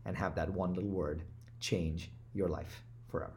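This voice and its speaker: A man, a business coach, giving an energetic motivational talk with repeated rhetorical questions that swing from loud to hushed. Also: low voice, moderate pace, a little hiss or hum.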